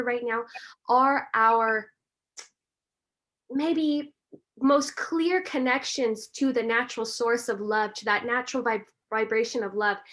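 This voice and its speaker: A woman, a breathwork and meditation teacher, talking earnestly and warmly as a podcast guest in a reflective, gently spiritual way. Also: on the high side. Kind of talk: reflective conversational talk.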